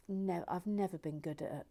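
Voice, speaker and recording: A woman hosting a relaxing build video, chatting softly through viewer comments, often dropping to a near whisper, with playful, gently silly asides. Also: fairly low pitch, gravelly. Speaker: host of a relaxing build channel.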